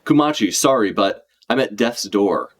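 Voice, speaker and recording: A man's voice: fairly low pitch, expressive, moderate pace, husky. A man voicing a tender dying young woman. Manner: soft, affectionate, read aloud from a comic.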